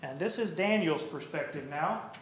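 A man preaching a sermon, telling an illustration and reciting a poem in a measured storytelling way. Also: a little high, expressive, reverberant.

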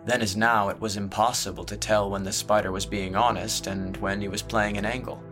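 A man narrating a fantasy story in a steady, measured way. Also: on the low side, music in the background. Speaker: audiobook narrator.

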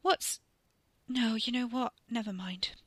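A woman's voice: fairly high pitch, slow, a bit bright, no echo, voice pushed up. A woman voicing an upset young woman who mumbles through tears in a thick voice. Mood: tearful. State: tearful.

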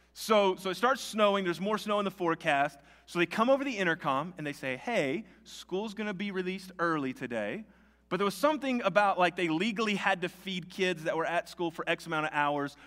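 A male pastor preaching a sermon, telling a story in a conversational, animated way with many restarts. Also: sits high. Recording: long hall reverb.

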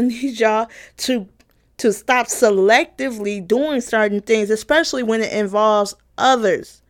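Emphatic young woman ranting, fairly high voice. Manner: emphatic, repetitive, profane, laughs mid-sentence. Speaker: vlogger. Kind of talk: opinion rant to camera.

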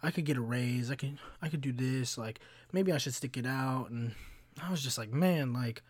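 A man's voice: mid-range voice, normal speed, dry recording. Young male podcaster, mid-range voice, chatty and profane, rambles through stories with lots of "like", recorded dry and close. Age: 20s. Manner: profane, rambling, animated storytelling with frequent fillers. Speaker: podcast host. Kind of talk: casual solo storytelling.

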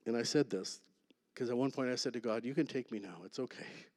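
A man giving a sermon testimony, emphatic, then dropping to a hush on key lines. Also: medium pitch, fairly quick. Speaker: preacher sharing testimony. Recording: long hall reverb.

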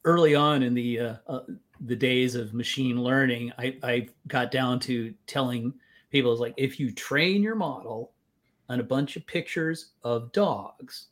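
A man's voice: medium pitch, unhurried. A man talking about data modeling in a podcast conversation, wry and explaining things through everyday examples. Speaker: data modeling guest speaker.

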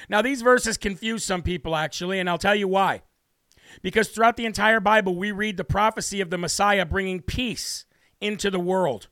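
Brash, bright-voiced male talk host. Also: high voice, normal speed, no room sound, studio quality. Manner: brash, emphatic, preachy. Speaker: political talk show host. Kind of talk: opinionated monologue with scripture reading.

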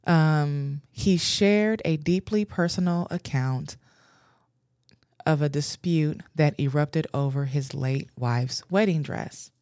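A woman's voice: sits low, takes it slowly, darkish tone, no echo, studio quality. A woman podcast host frankly commenting on a news story she reads out, laughing often.

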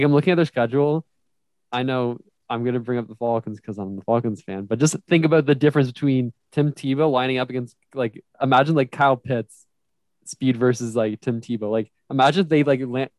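A man co-hosting a casual football podcast, starting halting and stammering. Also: medium pitch, a little mellow, dry recording. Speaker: podcast co-host. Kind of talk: casual sports podcast chat.

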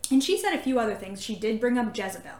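A woman with a fairly high voice tells a story in loose, chatty podcast talk, piling up fillers as she goes. The room around her is echoey and reverberant. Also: fast. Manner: animated storytelling with many fillers. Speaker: podcast co-host. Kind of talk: casual faith-talk podcast chat.

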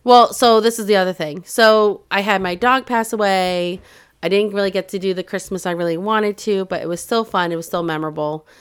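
A woman's voice: mid-range voice, steady tone, a little fast, clean tone. A middle-aged woman co-hosting a casual podcast chat, telling long stories and laughing often. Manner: chatty storyteller, laughs often. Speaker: podcast co-host.

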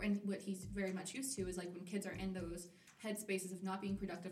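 A woman's voice: mid-range voice, fast talker, hardly any pauses, slight background noise. A college student in her twenties, a guest on a podcast, telling her story openly and acting out her own quoted thoughts. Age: 20s. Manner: open, candid storytelling, animated quoting of herself. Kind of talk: casual conversation. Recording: roomy, slightly distant mic.

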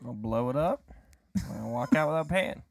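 A man's voice: medium pitch, lively intonation, moderate pace, a little mellow, slight background noise. A man chatting casually, joking and poking fun at himself. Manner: joking, self-mocking. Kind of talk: casual chat.

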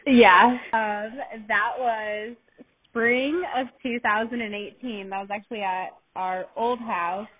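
A woman's voice: fairly high pitch, fairly even intonation, slow pace. Giggly woman, tinny phone sound. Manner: chatty, giggly, rambling. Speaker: podcast co-host. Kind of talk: casual storytelling chat.

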